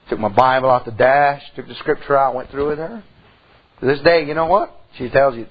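Middle-aged male pastor, folksy storyteller, husky voice, dull lo-fi church recording. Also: on the high side, animated, fairly quick. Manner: folksy storytelling preacher, swings from loud to hushed. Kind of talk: sermon.

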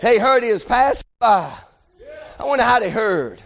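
A high-voiced, fervent shouting preacher. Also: male voice, lively intonation, normal speed, vocal fry. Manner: calls out "amen" and "hey" between phrases. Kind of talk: sermon.

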